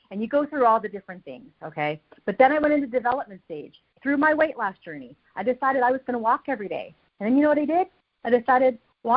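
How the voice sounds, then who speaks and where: A woman giving a motivational talk as a guest speaker on a team call. She speaks with energy and emphasis and repeats phrases to drive each point home. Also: on the high side. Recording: dull lo-fi call audio.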